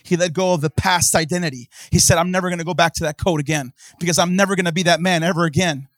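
A man preaching a sermon in church, swinging from hushed talk to impassioned shouting and calling out to the congregation. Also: fairly high pitch, steady tone, fast, no room sound, studio quality. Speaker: pastor.

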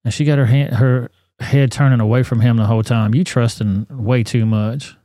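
A man hosting a podcast, commenting on a news video in a blunt, profane, animated rant. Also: mid-range voice, moderate pace, no echo, studio quality. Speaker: podcast host.

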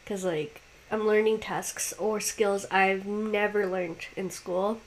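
A woman's voice: medium pitch, steady tone, slow. A woman in her twenties co-hosting a casual podcast, teasing and laughing easily. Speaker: podcast co-host. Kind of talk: casual chat.

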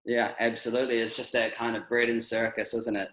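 A man's voice: medium pitch, level tone, brisk, fairly bright tone, reverberant, low-quality recording. A man hosting a podcast interview, asking questions in a thoughtful, hesitant way. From New Zealand. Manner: thoughtful, hesitant, many ums. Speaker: podcast host.

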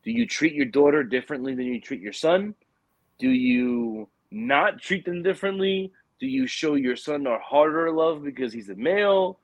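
A man's voice: a little high, very animated, normal speed, no echo, highs cut off. A young adult man telling a personal story in casual conversation, earnest and rambling with many restarts.

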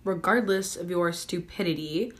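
A woman's voice: fairly low pitch, moderate pace, slight background noise, close to an everyday voice. A woman playing a sulky, whiny teenage male prince in a comedic skit, talking sarcastically and with exasperation, addressing viewers like a vlogger. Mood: sarcastic.

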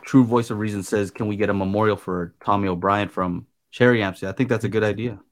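Relaxed man hosting a chat show. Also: fairly low pitch, fast. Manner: relaxed, hesitant, many fillers. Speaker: podcast host. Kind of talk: casual chat.

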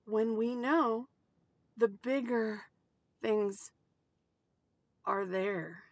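A woman talks through an emotional personal monologue in a halting way, breaking into sudden outbursts and dropping to soft whispers. Her voice has a gravelly edge. The sound is dry, with no room echo. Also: a little high. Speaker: mother sharing personal experience.

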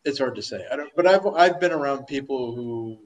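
Animated, chatty man telling stories. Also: medium pitch, fairly quick, rough recording. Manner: animated storyteller, many fillers, laughs easily. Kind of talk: casual chat.

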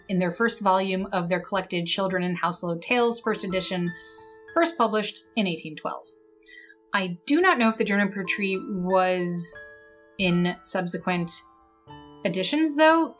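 Woman reading a fairy tale, lo-fi. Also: fairly low pitch. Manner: unhurried, stumbles over foreign names. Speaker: storyteller.

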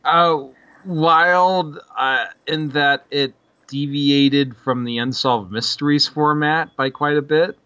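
A man's voice: fairly high pitch, fairly even intonation, slow, pushed and bright, smooth, no room sound, muffled recording. A man co-hosting a podcast in casual chat, dry and a bit hesitant with a wry edge. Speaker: podcast co-host. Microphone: computer mic on a video call.

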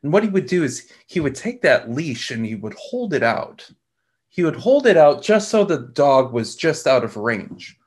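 A middle-aged man hosting a reflective talk, speaking in a slow, measured way with frequent pauses and repeated words. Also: fairly high pitch, very animated, slightly rough. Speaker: podcast host.

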